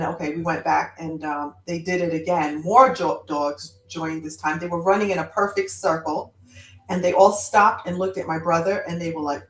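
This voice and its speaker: A woman guest with a lowish voice tells stories with animated energy, rising in sudden loud bursts. Her voice rings in a roomy, echoey space. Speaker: guest author. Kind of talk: casual storytelling.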